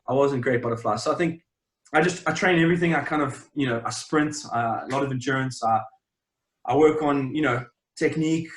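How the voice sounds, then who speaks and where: A young South African man, a champion swimmer, chats casually as an interview guest at a middle pitch. He's relaxed and rambling, full of fillers and restarts, and the recording is roomy with noticeable echo.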